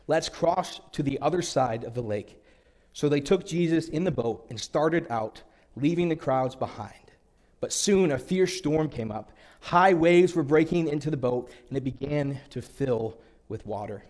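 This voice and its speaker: A man delivering a sermon in a slightly higher-than-usual voice. He reads scripture aloud earnestly, slowing down and pausing for effect. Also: a little mellow. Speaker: preacher.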